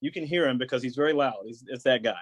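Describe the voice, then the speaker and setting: A man, a podcast guest, telling a long story in casual chat, acting out what others said with lively voices. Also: medium pitch, fast, a crowd in the background. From United States. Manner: animated storyteller acting out quotes.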